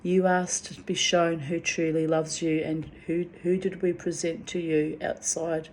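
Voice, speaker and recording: A woman quoting an ancient male voodoo spirit who chides her in her own low voice. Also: level tone, measured pace, slight background noise. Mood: chiding.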